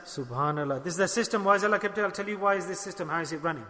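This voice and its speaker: A man preaching a sermon, animated, questioning his listeners and acting out dialogues. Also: sits high, rapid-fire, big-room sound.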